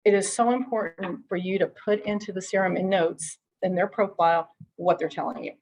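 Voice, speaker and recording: A woman's voice: medium pitch, fairly even intonation, brisk, darkish tone, low-quality recording. A middle-aged woman giving a conversational real estate training, chatty, full of restarts, acting out what callers say. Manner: chatty, repeats and restarts, acts out quoted callers.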